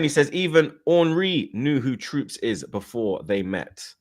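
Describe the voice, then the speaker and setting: A man's voice: medium pitch, measured pace. A young man hosting a casual fan stream, reading out chat and telling stories with lots of slang and laughter. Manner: animated storytelling with slang, laughing, mimicking voices. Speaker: fan channel host.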